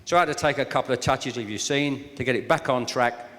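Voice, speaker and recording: A man's voice: medium pitch, quick pace, a bit bright. An older man with a southern English accent, giving an anecdotal after-dinner speech and teasing the audience. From southern England. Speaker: guest speaker. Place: function hall with live audience. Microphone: handheld or stand microphone. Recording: long echo of a large hall.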